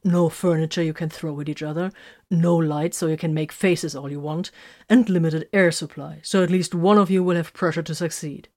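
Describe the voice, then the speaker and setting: A woman voicing a firm male space-soldier commander who leads a loud sworn oath. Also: low-pitched, steady tone, normal speed, close to an everyday voice. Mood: stern.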